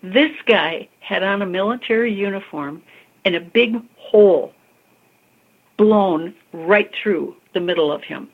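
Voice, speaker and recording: Gravelly woman on a tinny line. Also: medium pitch, unhurried. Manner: expressive, calls the listener honey and girl. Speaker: psychic medium guest. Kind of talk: animated storytelling in an interview.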